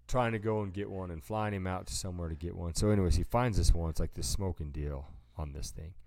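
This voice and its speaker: Low-voiced and a little mellow, this podcast co-host talks fast, wandering through stories in casual conversation, voicing other people's lines and throwing in "dude." The recording is dry and clean, studio grade.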